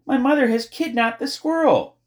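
A man's voice: mid-range voice, sing-song, normal speed, voice pushed up, lightly acted. A man voicing a desperate, determined young girl who talks urgently and insistently in an audiobook. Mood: frantic. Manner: urgent, insistent, often shouting. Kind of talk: audiobook character voice.

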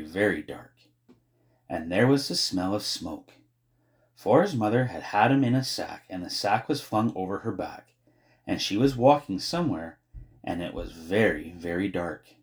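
Casting: male storyteller, lively melodic reading, measured pacing. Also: on the low side. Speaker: narrator. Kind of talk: audiobook narration.

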